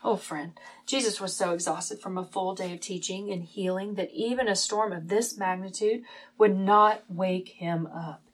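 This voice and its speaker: A woman teaching a Bible lesson as a sermon, telling the story dramatically, at times hushed and at times emphatic. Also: mid-range voice, fairly even intonation, normal speed, poor audio.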